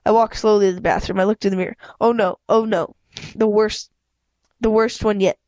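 A woman with a stuffy head cold reads a story aloud at home, her voice sitting at an ordinary middle pitch. She stumbles and restarts words often, in a casual, unpolished reading. The sound is dry and close, with no room echo. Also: flat delivery, fast, darkish tone, dull audio. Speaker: amateur audiobook reader. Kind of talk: casual read-aloud narration.

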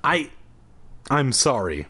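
A man voicing a frightened twelve-year-old boy who stammers and pleads in a high, strained voice. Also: big pitch swings, slow pace, sharp tone, slightly rough, heavily acted. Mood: stammering.

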